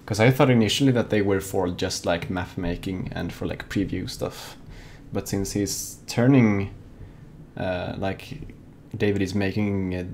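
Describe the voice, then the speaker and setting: Rambling young man, low voice. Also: gravelly, a little mellow, slight background noise. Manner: rambling, full of "like" and restarts. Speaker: co-host of a fan-made live gaming show. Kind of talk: casual live-show chat.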